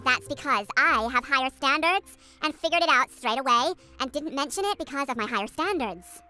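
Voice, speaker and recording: Stuck-up chipmunk girl, super high and bright, all about herself. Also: lively intonation, brisk, soft background music, full character voice. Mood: haughty. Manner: snooty, self-admiring. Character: vain haughty young female chipmunk. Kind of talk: fan-made character podcast.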